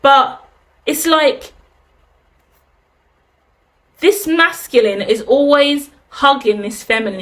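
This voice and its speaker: A woman's voice: sits high, a bit bright. A woman giving an intuitive tarot reading in a rambling, casual way, swearing now and then. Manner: rambling, casual swearing, laughs at own tangents. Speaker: tarot reader.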